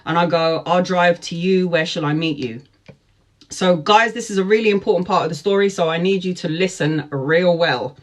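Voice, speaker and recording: A woman in her forties telling a personal story, lively, laughing often and acting out what people said. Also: on the low side, moderate pace. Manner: lively, laughs often, acts out quoted speech. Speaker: tarot vlogger. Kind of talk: storytime chat.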